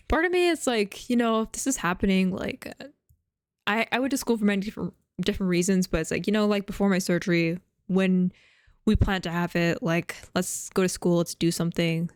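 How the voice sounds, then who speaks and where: A woman's voice: medium pitch, normal speed, smooth, no room sound, clean studio sound. Woman VTuber in casual rambling chat. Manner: rambling, many fillers and restarts; talks while chewing gum.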